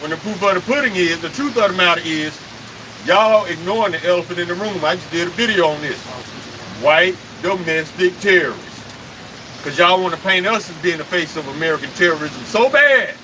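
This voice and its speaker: A man's voice: high voice, a little fast, noisy background. A man preaching on a live stream, emphatic and confrontational, firing off rhetorical questions and cursing.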